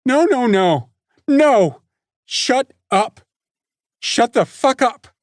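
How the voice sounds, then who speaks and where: Brief: male narrator voicing a hysterical teenage girl, shrieking rage, husky strained tone. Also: takes it slowly, a little mellow, dry recording, studio quality. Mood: furious screaming. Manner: screaming, high-pitched, spitting rage.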